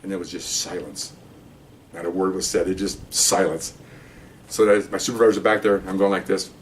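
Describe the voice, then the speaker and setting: This retired cop, an older man, recounts a story casually to the camera, doing the voices of the people in it with lots of animation. His deep voice runs a little fast, and he sits far from the mic amid slight background noise.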